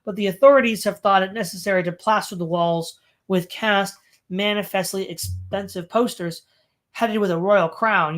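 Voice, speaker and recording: An audiobook reader works through an old political essay in a measured, mid-pitched voice. The reading is steady and plain, with occasional stumbles fixed on the spot, sometimes with a quick "sorry."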